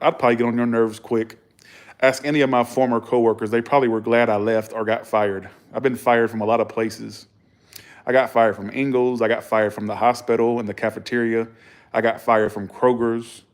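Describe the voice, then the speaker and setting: Talking straight to camera in a loose, casual vlog, a man tells stories at an ordinary middle pitch. He's blunt and profane, acts out the arguments he recounts, and chuckles between remarks.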